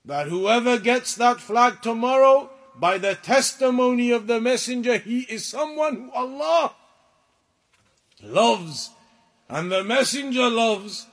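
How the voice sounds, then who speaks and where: A man giving a religious lecture to a class, explaining points deliberately and with emphasis. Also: extremely high pitch, lively intonation, a bit bright. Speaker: religious teacher.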